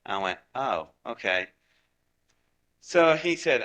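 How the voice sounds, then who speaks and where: A man in his seventies from Ohio telling anecdotes in a lively way and acting out the dialogue. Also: medium pitch, moderate pace. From Ohio, United States. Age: 70s. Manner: acts out dialogue with lively voices. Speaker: guest storyteller. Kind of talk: animated anecdotal storytelling.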